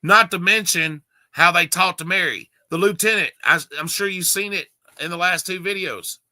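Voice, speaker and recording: A man's voice: high-pitched, normal speed, bright, forceful tone, dry recording. Emphatic man giving heated commentary. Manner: emphatic, indignant, doting with his dog. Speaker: video host. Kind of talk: casual commentary.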